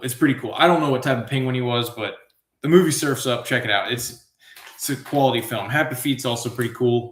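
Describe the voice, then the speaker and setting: Male trivia host, mid pitch, jokey and rambling, echoey room sound. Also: a bit bright. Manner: goofy, self-amused, riffs on tangents. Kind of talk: rambling live trivia commentary.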